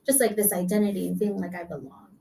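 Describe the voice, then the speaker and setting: A young adult woman speaks as an interview guest, recounting her story in a soft, reflective way that trails off into fillers. Her voice sits a little back from the microphone. A faint hum of room ambience runs underneath. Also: mid-range voice, fairly even intonation, very fast, gravelly, distant mic. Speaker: singer-songwriter guest.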